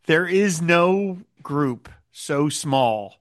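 A man's voice: on the high side, drawn-out words. A man hosting a casual podcast chat, recapping a TV episode and acting out the quoted lines with frequent laughs. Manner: animated, acts out quoted lines, laughs often. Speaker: podcast host.

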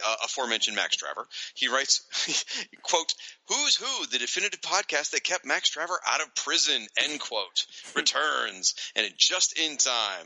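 A man hosting a podcast, reading listener letters with a lot of swing in his pitch. His voice is very bright and forward. He jokes at his own expense and laughs along as he reads. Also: no room sound, low-quality recording. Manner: animated, self-deprecating, laughs while reading. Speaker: podcast co-host. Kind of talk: casual podcast chat reading listener mail.

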